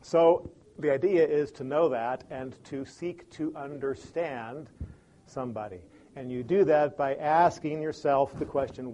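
A man from Chicago giving an animated motivational talk on communication, acting out examples with big swings in pace and loudness. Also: on the high side, measured pace, lo-fi sound. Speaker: speaker on communication.

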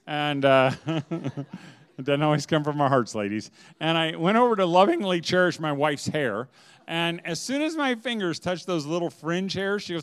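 A man speaking to a room of mothers, telling humorous stories with lots of laughter and big swings in loudness. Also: on the high side, lively intonation, normal speed, smooth. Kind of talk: humorous talk to a live audience. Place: room with an audience.

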